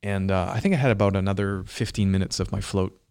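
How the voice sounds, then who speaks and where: A man speaks in a somewhat low voice, slowly recounting a personal experience in relaxed conversation. He pauses and restarts as he searches for words. The sound is dry and close, with little room behind it. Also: clean tone, no room sound. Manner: reflective, searching for words, frequent fillers. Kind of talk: casual storytelling conversation.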